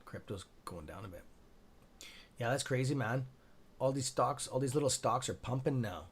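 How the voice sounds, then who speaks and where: A young male host running a live market stream, swearing freely as he watches the charts. He jumps between hyped calls to his viewers and quiet muttering to himself, his voice at an ordinary mid pitch. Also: moderate pace, slight background noise. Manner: excitable, profane, talks to viewers by nickname; mutters asides to himself under his breath. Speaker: stock trading livestream host. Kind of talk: live-streamed market commentary, reading chat.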